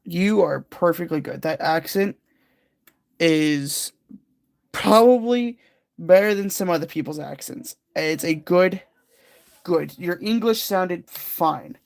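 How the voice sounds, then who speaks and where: A livestream host chats casually with viewers while working on a jigsaw puzzle, rambling and laughing along the way. The talk is slow and unhurried, with a gravelly, creaky edge. The sound is dry, with no room echo. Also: mid-range voice. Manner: rambling and giggly, chatting with viewers.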